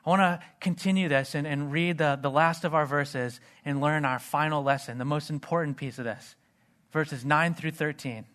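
Pastor, male, earnest sermon delivery, voice sits a bit high. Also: steady tone, normal speed, fairly bright tone.

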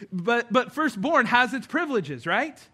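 A man's voice: high-pitched, bright, forceful tone. A man preaching a sermon to his church, in an earnest, conversational way with touches of humor. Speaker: pastor. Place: church service before a congregation.

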